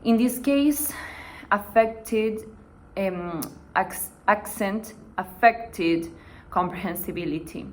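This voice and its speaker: A woman's voice: mid-range voice, slow, low-quality recording. A young woman student giving a class presentation for an assignment, hesitant and dotted with "eh" fillers.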